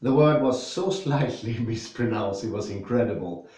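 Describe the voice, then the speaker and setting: A man from Sweden with a Swedish accent, discussing philosophy, reading passages aloud and then explaining them slowly and thoughtfully with personal examples. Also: mid-range voice, a little mellow, very echoey, far from the mic.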